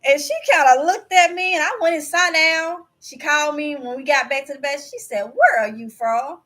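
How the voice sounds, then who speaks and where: A woman's voice: high-pitched, fairly even intonation, fairly quick, pushed and bright. A woman from Mississippi with a Mississippi Southern accent, telling stories to her vlog audience in a chatty, candid, folksy way. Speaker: vlogger. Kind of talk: casual storytelling to camera.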